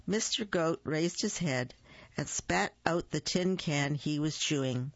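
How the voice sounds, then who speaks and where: A reader narrating a children's holiday story in a slow, deliberate way. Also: medium pitch, no room sound, lo-fi sound. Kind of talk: children's story read-aloud.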